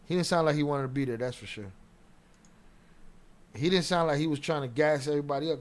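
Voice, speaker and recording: A man's voice: a little high, a little fast, pauses often. A man giving loose, slangy, profane commentary as a streamer. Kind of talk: casual commentary.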